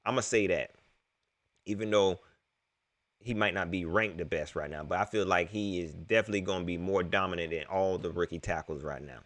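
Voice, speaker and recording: A man's voice: low voice, fairly quick. A young man hosting a live post-game stream, talking casually to his viewers and laughing often. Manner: animated, laughs often, talks straight to the chat. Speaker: live-stream sports show host.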